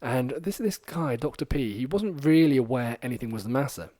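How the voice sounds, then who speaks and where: A man's voice: mid-range voice, brisk, no room sound. Guy on a podcast telling a story, rambly, lots of "you know", dry sound. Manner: rambling and animated, many fillers, acts out quoted lines. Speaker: podcast host.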